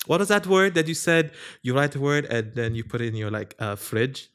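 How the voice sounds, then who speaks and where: A man's voice: medium pitch, a little fast, a bit bright, clear, resonant tone. A young man hosting a casual podcast chat, telling stories with quoted voices and laughing often. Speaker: podcast host.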